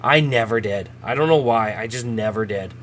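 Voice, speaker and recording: A man's voice: fairly low pitch, moderate pace, a little hiss or hum. A man, casually chatting as he opens trading card packs, laughing at himself and reading names aloud. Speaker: host. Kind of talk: casual card-opening commentary.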